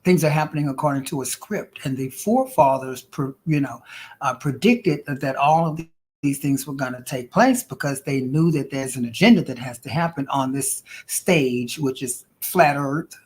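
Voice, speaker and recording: A woman's voice: a bass voice, moderate pace, a little mellow. A woman hosting a casual livestream as an intuitive reader, chatty and playful, calling viewers honey and girl.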